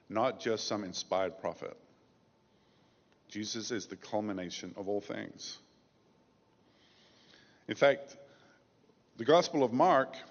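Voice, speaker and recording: A lower-pitched man delivering a sermon in a measured, emphatic way, leaning on key phrases. The sound is dull and lo-fi, with a long reverb trailing each line. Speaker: pastor.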